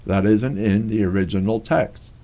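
A man presenting a scripted teaching narration on scripture, slow and deliberate, stressing single words. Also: on the low side, dark tone. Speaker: religious history presenter.

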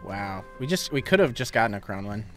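A young man streaming a game, chatting casually, laughing often and quickly thanking viewers. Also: lowish voice, very animated, soft background music. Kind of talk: casual gaming livestream chat.

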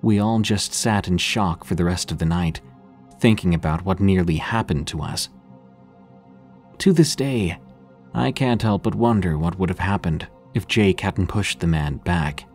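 Brief: male horror-story narrator, very low voice, calm measured read, faint music underneath.

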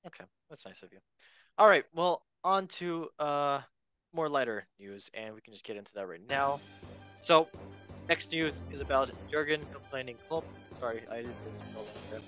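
A man's voice: mid-range voice, expressive, normal speed, bright, forceful tone, faint music behind, rough recording. A man hosting a casual football podcast, chatty and loose, handing the word to his co-hosts. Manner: chatty, loose, many fillers and asides. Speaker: podcast host. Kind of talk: casual chat.

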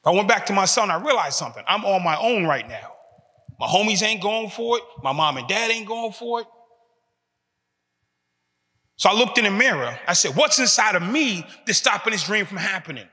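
Speaking at normal speed to prisoners in a large prison hall, a man with a high, sharp, very animated voice gives an emphatic motivational talk made of short, repeated phrases. Long reverb from the large hall fills the recording.

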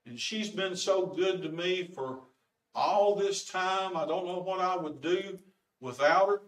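A bashful old farmer with a drawl, put on by a preacher telling a joke. He speaks low and quiet. The voice rings through a big echoey church, picked up from a distance. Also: measured pace. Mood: wistful.

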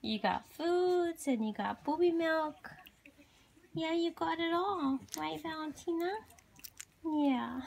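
A woman's voice: high-pitched, slight background noise. A woman talking baby talk to her puppies, cooing and sing-song, laughing often between lines. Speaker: dog breeder talking to puppies. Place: indoors with puppies.

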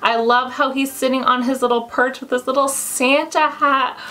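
A woman chatting to viewers while unboxing, gushing and excitable and squealing with delight. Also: high-pitched, moderate pace, hardly any pauses. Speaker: unboxing vlogger. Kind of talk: casual unboxing chat to viewers.

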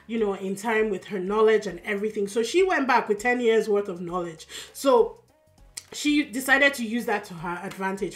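A tired woman with a Yoruba accent, casually recapping a TV drama for her channel in a chatty, expressive way with lots of fillers. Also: mid-range voice. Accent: Yoruba-accented English. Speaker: drama reaction YouTuber.

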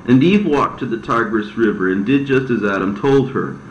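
A man giving a steady, solemn scripted reading of an ancient religious text. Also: mid-range voice, moderate pace, slight background noise. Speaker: scripture reader. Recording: roomy, slightly dull recording.

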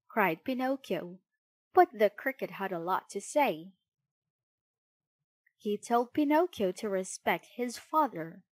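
Slow, expressive woman storyteller. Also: mid-range voice, dry recording. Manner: expressive, unhurried. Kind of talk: children's storybook narration.

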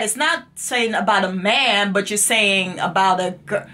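A woman's voice: mid-range voice, unhurried, pushed and bright. Teasing mother correcting her son, laughing. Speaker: vlogger's mother. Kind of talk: casual family banter. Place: home, indoors.

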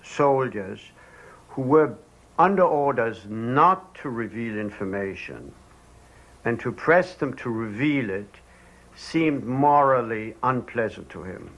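Older man, interview, slow and measured, mid-range voice. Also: mid-range voice, a bit bright, poor audio. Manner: deliberate, thoughtful, pauses with fillers. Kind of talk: measured recollection.

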